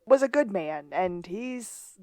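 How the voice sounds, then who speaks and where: A woman's voice: mid-range voice, expressive, slow, mellow, no room sound. A woman co-hosting a podcast, casually recapping a TV episode with playful asides. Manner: chatty, recounting scenes with playful asides. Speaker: podcast co-host. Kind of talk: casual rewatch recap chat.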